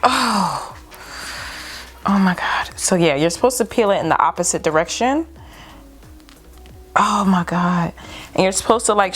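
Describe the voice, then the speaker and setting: A young woman vlogging at home, nervous and exclaiming as she talks through the steps, often saying "y'all". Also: fairly low pitch. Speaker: beauty vlogger. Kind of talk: casual vlog narration.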